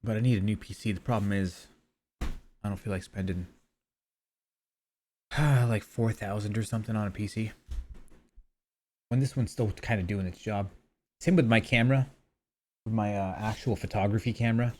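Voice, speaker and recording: A man's voice: fairly low pitch, steady tone, normal speed, long pauses. Rambling man streaming a game. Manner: rambling, trails off quietly. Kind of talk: casual gameplay commentary.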